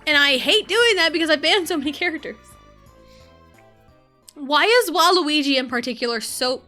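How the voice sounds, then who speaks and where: Woman streamer, casual rambling gamer chat, swears freely, bright voice, wide pitch swings. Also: animated, moderate pace, faint music behind. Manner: rambling, swears a lot and rants in bursts of frustration. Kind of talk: casual live-stream chat while gaming.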